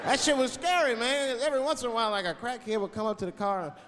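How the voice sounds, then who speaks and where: A man's voice: extremely high pitch, fast talker. A man doing a stand-up routine, telling a story with energy and acting out voices. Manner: animated storytelling, acts out voices. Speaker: stand-up comedian. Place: large venue with live audience. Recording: live hall reverb, crowd noise.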